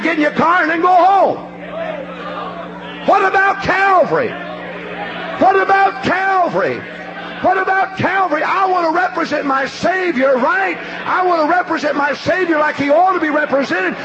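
Fervent preacher man, shouting and hushed. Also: lively intonation, moderate pace, muffled recording, noisy background. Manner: fervent, rising to shouts, dropping low and hushed. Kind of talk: sermon.

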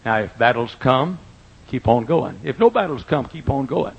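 An older man preaching a folksy sermon in a church, swinging from quiet asides to loud, drawn-out emphasis, with a husky voice. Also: mid-range voice, animated, lo-fi sound. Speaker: pastor. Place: church auditorium.

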